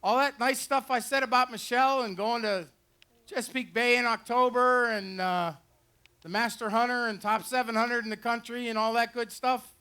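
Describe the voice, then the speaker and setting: Speaking at normal speed in a very high, bright, forceful yet smooth and steady voice, a man demonstrates retriever dogs as a trainer and show host. He gives joking, folksy commentary at an outdoor fair pond with a dock, using a handheld or headset mic.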